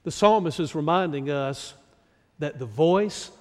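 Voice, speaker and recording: High-voiced, slow-preaching pastor, a man. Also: a little mellow, big-room sound. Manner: slow, deliberate preaching with many rhetorical questions. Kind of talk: sermon.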